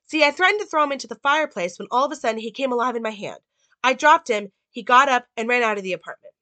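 A woman's voice: on the high side, lively intonation, fast talker, sharp tone, dry recording, pitched above the performer's own voice. A woman acting out a frantic, pleading mother.

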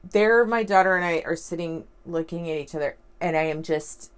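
A woman's voice: fairly low pitch, moderate pace, clear, resonant tone. A woman talking casually to camera as a vlogger and life coach, in a rambling, upbeat way full of fillers and restarts. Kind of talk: casual vlog storytelling.

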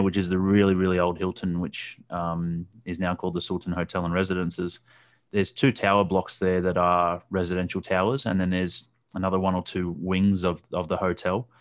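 A man hosting a casual interview, recalling details at length with many pauses and ums. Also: sits low.

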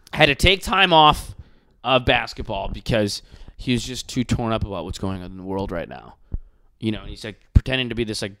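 Lowish in voice, a podcast host rants casually, animated and profane, mixing crude jokes with mocking impressions. Slight background noise runs under him.

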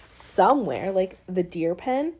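A woman's voice: fairly low pitch, very animated, slow pace, slightly rough, heavily acted. A woman reading as a feisty bossy girl. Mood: taunting. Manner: taunting, scolding, sometimes yelling. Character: feisty bossy young girl, sharp-tongued. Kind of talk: audiobook character reading.

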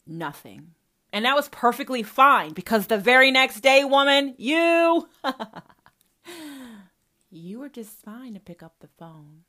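A woman's voice: high voice, lively intonation, slow, long pauses, pushed and bright. Fiery, foul-mouthed woman podcaster. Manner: profane, confrontational and emphatic; speaks straight to her mother. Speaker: podcast host. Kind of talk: personal podcast monologue.

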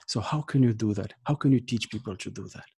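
Mellow husky male interview host. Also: lowish voice. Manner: halting, non-native phrasing, supportive. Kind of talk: conversational interview.

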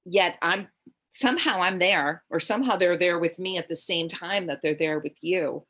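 Middle-aged woman, low voice, rambling storyteller, a medium recalling readings in casual chat. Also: normal speed, fairly bright tone. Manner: rambling, self-interrupting, with frequent "like" and "um".

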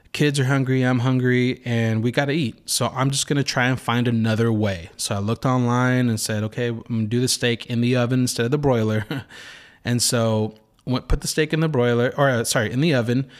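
A man in his thirties hosts a casual faith talk in a middle-pitched voice. He rambles through a family story, restarting his sentences and acting out his own thoughts. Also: fairly even intonation, fairly quick. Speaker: host.

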